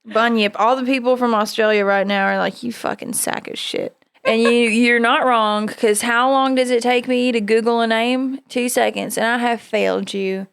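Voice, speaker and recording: A woman podcast host talks casually with a fairly high, gravelly voice that still comes through smooth and clear. She is blunt and swears freely, and the sound is close and dry. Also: fairly even intonation, normal speed, few pauses, a bit bright, no echo. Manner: blunt and profane, laughs often.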